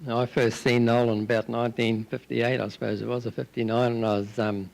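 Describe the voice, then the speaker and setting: An older man, recalling old memories in a memorial speech, in plain, unhurried storytelling. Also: medium pitch, level tone, gravelly, a little mellow, low-quality recording. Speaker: eulogy speaker.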